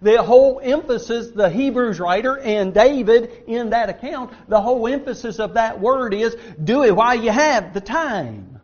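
Male preacher, high voice, emphatic, loud stresses and soft asides. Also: lively intonation, moderate pace, highs cut off. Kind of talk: sermon.

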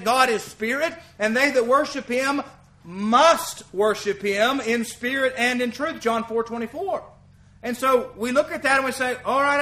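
Bright high-voiced man preaching earnestly. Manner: earnest, emphatic, quotes scripture, rhetorical questions to the congregation. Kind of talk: evening sermon. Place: church.

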